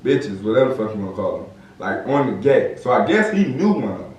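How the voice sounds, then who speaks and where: A man's voice: lowish voice, fast talker, recorded from a distance, a little hiss or hum. A young man from Southern California, casually telling a story in slangy talk and acting out the quotes. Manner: animated, slangy, acts out quotes. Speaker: podcast host. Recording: echoey room, off-mic.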